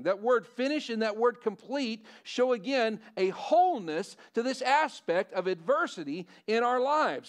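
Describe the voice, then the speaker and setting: A middle-aged male pastor preaching a sermon in a conversational way, often asking the congregation questions. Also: very high voice.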